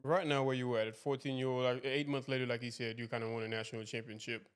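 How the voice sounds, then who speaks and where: A man's voice: medium pitch, flat delivery, fast, a little hiss or hum. A man hosting a podcast interview, asking long rambling questions that loop back and restart. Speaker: podcast host. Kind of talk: casual interview.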